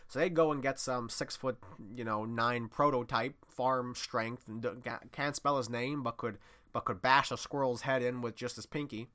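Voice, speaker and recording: A man talking off the cuff as a podcast host, telling a long story in a loose, rambling way. His voice is bright and forceful, at an everyday middle pitch. He drops to a low mutter, then jumps up loud when he gets excited. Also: moderate pace. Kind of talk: casual monologue.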